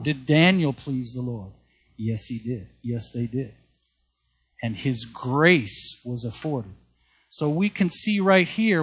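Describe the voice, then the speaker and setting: A man's voice: mid-range voice, slightly rough. A man preaching a sermon, speaking earnestly, repeating key phrases and reading Bible verses aloud. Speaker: pastor.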